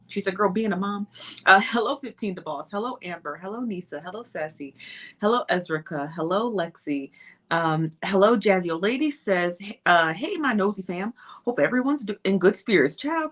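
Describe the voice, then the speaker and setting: A woman's voice: fairly low pitch, fairly bright tone. A woman hosting a casual livestream, chatty and greeting viewers one by one with easy laughs. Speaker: livestream host.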